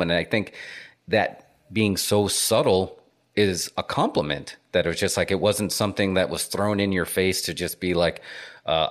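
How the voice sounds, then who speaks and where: Deep-voiced man hosting a podcast. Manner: curious, rambling questions with fillers. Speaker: podcast host. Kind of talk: podcast conversation.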